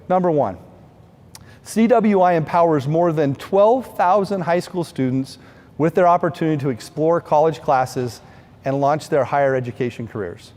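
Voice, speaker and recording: A middle-aged man tells a heartfelt story to a benefit audience, earnest and sincere. His voice sits a little high yet sounds mellow and soft-edged. A long hall reverb trails behind every phrase. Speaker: benefit event speaker. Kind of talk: storytelling speech.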